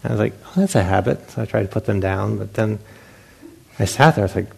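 Gravelly low-voiced man giving a dharma talk. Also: fairly even intonation, quick pace. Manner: self-mocking storyteller who acts out his own past thoughts, often laughing. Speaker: meditation teacher. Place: meditation center talk.

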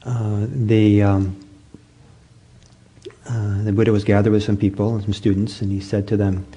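A man giving a meditation talk, telling stories gently with many pauses, fillers and restarts. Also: lowish voice, level tone, slightly rough. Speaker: meditation teacher. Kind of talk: dharma talk.

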